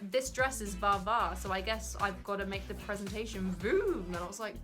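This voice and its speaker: A woman co-hosting a casual review chat, animated and mocking, slipping into sarcastic impressions. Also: mid-range voice, moderate pace, music in the background. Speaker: podcast co-host.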